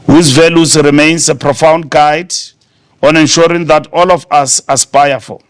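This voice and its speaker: A middle-aged man with a South African accent delivering a formal prepared speech at a conference, measured and stately, with deliberate pauses. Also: fairly high pitch. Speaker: party official giving a speech. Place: conference hall.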